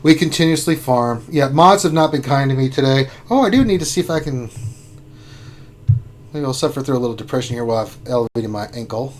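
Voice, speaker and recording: A man hosting a casual gaming livestream, playful and excitable, teasing his co-host. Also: medium pitch, a little fast, a little hiss or hum.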